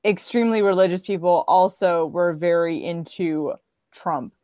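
A woman co-hosting a casual podcast, talking in a relaxed, rambling way with lots of ums. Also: fairly low pitch, moderate pace, no echo, clean studio sound. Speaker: podcast co-host. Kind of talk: casual chat.

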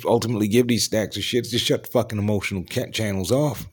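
Deep-voiced male host ranting crudely, low mutters swinging into loud outbursts. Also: quick pace, few pauses, slightly rough. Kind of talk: profane solo rant.

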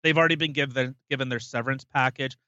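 A man's voice: mid-range voice, steady tone, fast, bright, forceful tone, no echo, lo-fi sound. A man co-hosting a podcast, ranting emphatically and swearing freely in casual chat. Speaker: podcast co-host.

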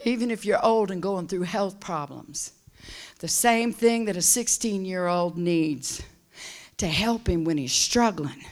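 A woman preaching a sermon who swings between loud, shouted passages and hushed whispers. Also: mid-range voice, unhurried.

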